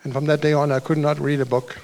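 Rambling male pastor, slightly high voice. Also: little pitch movement, fast, gravelly, a little mellow. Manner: loose storytelling, restarts and asides. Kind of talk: sermon.

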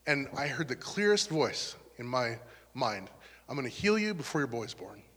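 A man's voice: mid-range voice, big pitch swings, normal speed, fairly bright tone, husky. A man preaching in an earnest, conversational way, sharing a personal testimony as a pastor. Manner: earnest, conversational, turns emotional. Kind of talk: testimony sermon. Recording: long hall reverb.

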